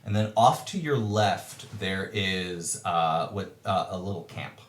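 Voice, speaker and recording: A man narrating a tabletop game as game master, halting often with ums and uhs. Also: sits low, reverberant.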